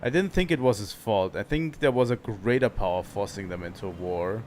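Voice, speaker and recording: Low-voiced male gaming streamer. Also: expressive, fairly quick, few pauses, darkish tone, a little hiss or hum. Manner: musing, thinks aloud, stumbles over words while reading. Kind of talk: casual let's-play commentary, reading game dialogue aloud.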